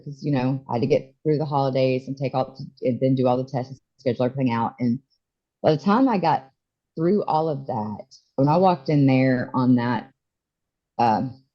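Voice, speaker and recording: A woman in her forties tells a hard personal story as a podcast guest, often halting and restarting. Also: extremely low pitch, lo-fi sound. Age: 40s. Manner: emotional, halting, many restarts. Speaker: interview guest.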